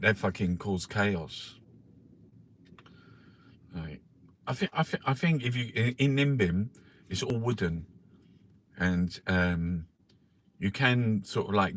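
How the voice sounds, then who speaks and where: A man hosting a casual newspaper review. He swears constantly, rambles with lots of restarts and fillers, and reads headlines out louder. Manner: louder and higher when reading headlines. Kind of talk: casual live-stream chat, reading headlines aloud.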